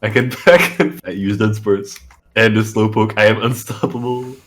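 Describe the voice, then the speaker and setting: A man co-hosting a podcast in casual chat, dry and teasing, often trailing off quietly. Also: on the low side, steady tone, normal speed. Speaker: podcast co-host.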